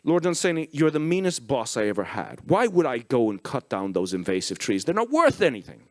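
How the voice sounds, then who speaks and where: A man voicing a big, gruff male farmhand who talks in a blunt, indignant way. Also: mid-range voice, big pitch swings, fairly quick, darkish tone, no echo, studio quality, close to an everyday voice.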